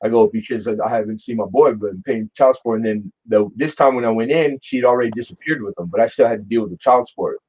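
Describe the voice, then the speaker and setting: A man in his forties telling a long personal story in casual chat, animated, swearing and restarting his sentences often. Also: lowish voice, fast talker, few pauses, breathy edge. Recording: dull lo-fi sound.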